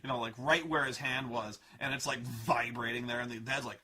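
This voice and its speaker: A man reviewing a film in a comedic, profane rant, exasperated and animated, full of "like" fillers. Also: mid-range voice, fairly quick, slight background noise. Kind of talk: comedic rant about a movie.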